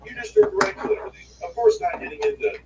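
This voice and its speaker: A man's voice: extremely high pitch, steady tone, very fast, gravelly. A man co-hosting a livestream, giving blunt, opinionated news commentary in a drawling, casual way. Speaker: livestream co-host. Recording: echoey room, far from mic, muffled, faint hiss.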